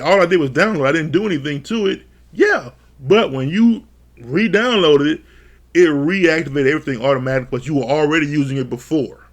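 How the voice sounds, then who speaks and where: A man reviewing a reality dating show in casual, profane commentary, often laughing as he acts out what the cast said. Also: on the high side. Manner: laughs often, swears freely, animated retellings.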